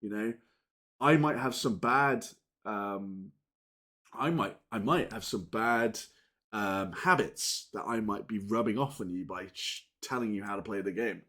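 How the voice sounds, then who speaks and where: A man hosting a gaming channel, chatting casually and unscripted to his viewers, rambling with frequent restarts and casual swearing, swinging between loud and muttered. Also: lowish voice, measured pace. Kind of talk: casual unscripted chat to camera.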